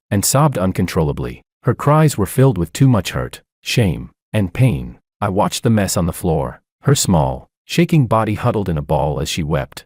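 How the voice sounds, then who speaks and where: A man narrating a scripted first-person story in a deep, low voice that swings widely in pitch. His delivery is steady and dramatic, and the recording is dry and close with no room sound. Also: no room sound.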